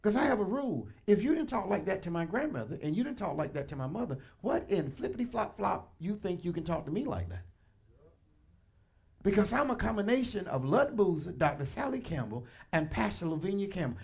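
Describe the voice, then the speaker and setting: A man pastor preaching a sermon in a church, animated and colloquial, addressing the congregation directly with punchy asides. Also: high voice, fairly quick. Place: church sanctuary.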